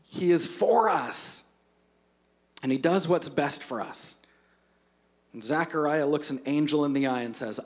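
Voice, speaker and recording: A man preaching a sermon as a pastor, retelling scripture with humor and lively storytelling. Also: on the high side, unhurried, pauses often.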